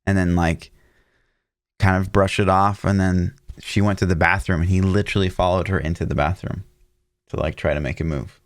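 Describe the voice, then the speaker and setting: A man's voice: deep voice, steady tone, moderate pace, dry recording. A man co-hosting a casual gaming podcast, speaking in a laid-back, dry way as he tells stories. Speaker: podcast co-host.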